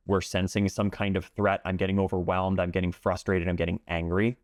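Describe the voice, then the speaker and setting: A man working as a pool instructor, explaining calmly and in measured terms during an interview. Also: low voice, no room sound, clean studio sound. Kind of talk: interview talk.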